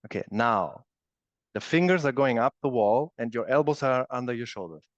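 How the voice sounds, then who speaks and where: A man's voice: mid-range voice, lively intonation, moderate pace, no room sound. A man teaching a live yoga class, demonstrating the moves as he explains them and often checking in with "okay?". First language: German. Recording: dull, dry studio recording.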